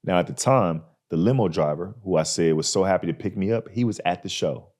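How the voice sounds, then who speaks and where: A man hosting a podcast, telling a story in a casual, animated way and acting out the people in it. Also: low-pitched, brisk. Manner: animated, acts out people in his stories. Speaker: podcast host.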